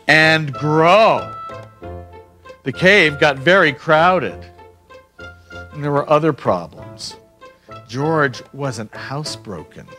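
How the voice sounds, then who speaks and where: A man reading his own picture book aloud, animated and expressive. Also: fairly high pitch. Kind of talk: storybook read-aloud.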